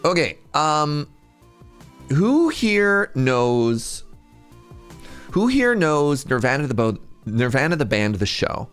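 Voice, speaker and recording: A man from Canada, streamer in casual live-stream chat, telling an animated story and laughing often. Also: a little high, slow pace, long pauses, smooth, faint music behind.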